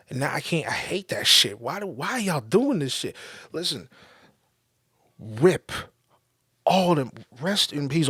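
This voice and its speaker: A man's voice: on the high side, a bit bright, husky, dry recording, clean studio sound. Profane, heated man ranting solo. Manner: profane, heated, emphatic with repetitions. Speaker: podcast host. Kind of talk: casual ranting commentary.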